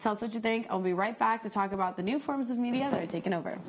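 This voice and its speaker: A young woman hosts a laid-back chat, giggling and filling her talk with "like". Her voice sits a little high, and a faint hum is heard behind her. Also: rapid-fire. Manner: giggly, chatty, lots of fillers. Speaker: host. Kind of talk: casual chat about viral videos.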